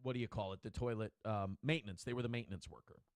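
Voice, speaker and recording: A man telling a story in an animated, indignant way as a guest on a casual podcast. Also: lowish voice, rapid-fire, no echo.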